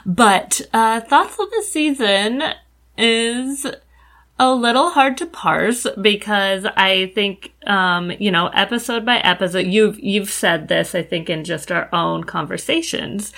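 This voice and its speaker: Gravelly bright-voiced woman, wry co-host. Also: medium pitch, slow. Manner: wry, dry humor, thinking aloud with fillers. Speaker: podcast co-host. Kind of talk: casual podcast chat.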